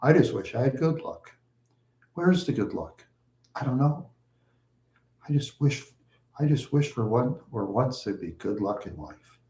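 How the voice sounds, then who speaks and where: A man's voice: mid-range voice, lively intonation, a little slow, pauses often, warm tone. A middle-aged man rambling on a live stream, mumbling and repeating himself in a self-pitying way. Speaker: livestream host. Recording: echoey room.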